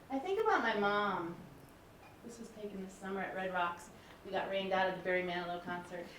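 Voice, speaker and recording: A woman's voice: medium pitch, slight background noise. A woman in her forties, a music professor, giving a candid, personal public lecture. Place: lecture hall. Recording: roomy hall, mic from a distance.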